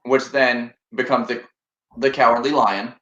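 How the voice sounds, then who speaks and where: A man of middle pitch hosting a livestream, talking calmly and explaining. The audio is dull and echoey, as if from a bare room. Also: unhurried, a little hiss or hum. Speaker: livestream host. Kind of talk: casual livestream chat.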